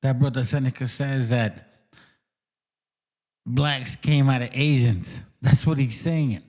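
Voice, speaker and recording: A man's voice: mid-range voice, slow pace, darkish tone. A co-host man chiming in with a casual, incredulous and profane way of talking. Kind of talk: casual chat.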